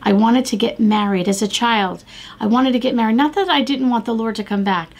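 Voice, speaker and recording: Brisk and a little mellow, this woman's higher voice belongs to a middle-aged American devotional podcast host. Her talk is earnest, exhorting the audience through phrases she says again and again.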